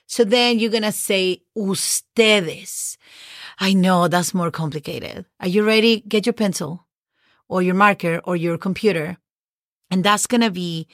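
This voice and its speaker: A woman's voice: medium pitch, unhurried, no echo, studio quality. A woman with a Spanish accent, a native Spanish speaker, teaching a casual language lesson, spelling out words and encouraging her listeners. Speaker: Spanish teacher, podcast host.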